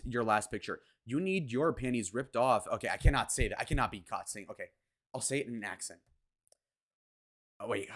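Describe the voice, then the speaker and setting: A man hosting his own commentary video, talking bluntly and crudely, jumping from loud mocking bits to low muttered asides. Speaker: commentary channel host. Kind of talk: casual opinion commentary.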